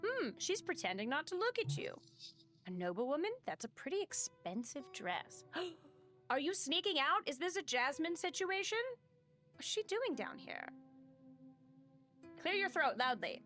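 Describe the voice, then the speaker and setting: A woman's voice: high voice, big pitch swings, measured pace, long pauses, a bit bright, soft background music. A woman streaming a game live, chatting casually and reading game text aloud, swearing and joking about herself. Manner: chatty, self-mocking, swearing.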